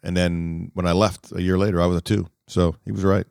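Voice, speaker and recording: Guest: low-pitched man from D.C., lively storyteller, dry close mic. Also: brisk, creaky, smooth, dry recording. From Washington, D.C., US. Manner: lively storyteller, acts out other people's lines. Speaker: guest, sports media figure. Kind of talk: animated anecdote telling.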